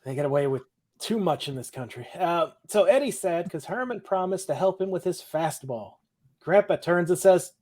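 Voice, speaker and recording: A laid-back young man from Ohio chats through a TV episode recap on a podcast. He's blunt and swears freely. His voice sits a little high for a man. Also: lively intonation, moderate pace, darkish tone. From Ohio, USA. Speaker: podcast co-host. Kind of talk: casual chat recapping a TV episode.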